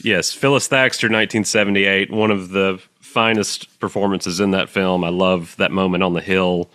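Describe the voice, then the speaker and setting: A man's voice: low voice, fairly even intonation, moderate pace, a bit bright, no room sound. A man hosting an interview, eager and enthusiastic as he asks his questions. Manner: enthusiastic fan asking questions. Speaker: podcast host interviewer. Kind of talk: casual interview.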